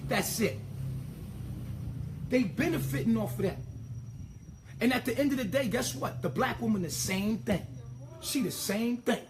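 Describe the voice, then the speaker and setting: A man's voice: very high voice, a little slow, pauses often, background noise. A man delivering an impassioned, profane monologue, emphatic and ranting, tripping over repeated words as he pushes his point.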